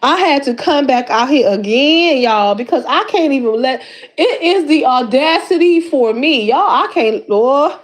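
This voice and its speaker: A woman hosts her own commentary, talking in a high voice full of slang. She is animated and exclamatory, circling back on the same words again and again as she talks straight to her viewers. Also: measured pace. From Detroit. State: slightly winded while lifting weights. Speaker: YouTube commentary host. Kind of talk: casual commentary chat.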